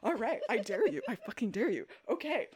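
A woman's voice: on the high side, a little fast, slightly rough. A woman co-hosting a podcast, recapping a TV episode in casual chat, swearing freely and acting out the characters' lines. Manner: animated, swears, acts out quotes. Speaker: podcast co-host.

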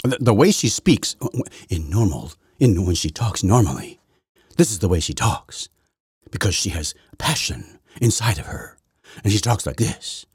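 A man's voice: on the low side, lively intonation, moderate pace, breathy edge, no echo, clean studio sound. A middle-aged man hosting an opinion podcast, talking in a sarcastic, mocking way with many repeats and restarts. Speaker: podcast host. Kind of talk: opinion commentary monologue.

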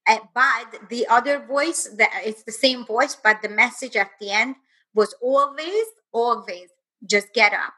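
A woman's voice: fairly high pitch, a little slow, pushed and bright, rough recording. A woman guest and author telling her personal story in an earnest, intense way, speeding up in bursts.

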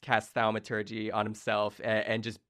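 A man's voice: lowish voice, completely flat delivery, normal speed, sharp tone. A young man narrating a tabletop role-playing game as game master, casual and rambling with many fillers.

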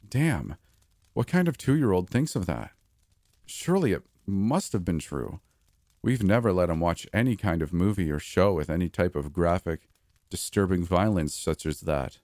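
A man narrating a scary story in the first person, in a steady, measured reading voice. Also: low-pitched, no room sound, clean studio sound. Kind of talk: scripted horror story narration.

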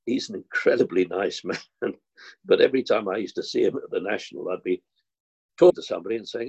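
Older man, from London, creaky voice, slightly husky, rambling relaxed storytelling. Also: lowish voice, quick pace, dull audio. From London, England. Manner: rambling, self-deprecating storyteller with short laughs. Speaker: actor interviewed as guest. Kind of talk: relaxed anecdotal conversation.

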